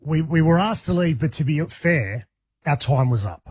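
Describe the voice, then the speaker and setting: Husky Australian man telling a story. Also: a little high, moderate pace, dry recording. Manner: animated, laughing storyteller. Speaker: radio show co-host. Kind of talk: casual radio banter and storytelling.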